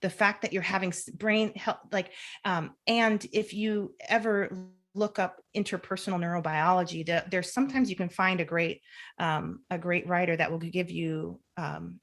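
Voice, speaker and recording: Here a woman's fairly low voice moves at a normal speed as she, a clinical social worker, answers podcast interview questions. She gives lengthy, animated explanations, restarting sentences often and voicing her inner dialogue aloud.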